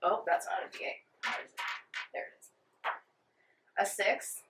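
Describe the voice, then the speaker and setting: A woman playing a tabletop game, unhurried and giggly. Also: roomy sound, distant mic, noisy background. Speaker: player.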